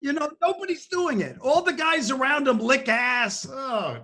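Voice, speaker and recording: A man with a high, bright voice hosts a friendly chat, agreeing along and swapping stories. He speaks over a video call. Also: lively intonation, normal speed. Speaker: host.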